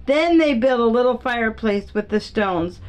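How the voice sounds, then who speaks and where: A woman reading a children's chapter book aloud in a slightly high voice. She reads at a steady pace, sometimes stumbling and correcting a word. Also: normal speed, rough recording. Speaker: reader.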